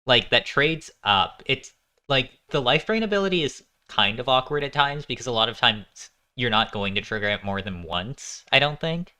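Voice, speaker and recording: A man's voice: medium pitch, lively intonation, moderate pace, pushed and bright. A man co-hosting a casual podcast who talks with enthusiasm and lots of "like". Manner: enthusiastic, full of fillers. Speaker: podcast co-host. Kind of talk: casual card review chat.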